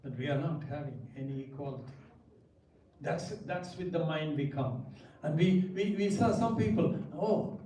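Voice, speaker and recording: A pastor with a Tamil English accent speaks at a seminar, emphatic and repeating his words to drive a point home. His voice is mellow and fairly high for a man. He sounds distant from the mic in an echoey hall with a faint hum of ambience. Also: moderate pace. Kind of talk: parenting seminar talk.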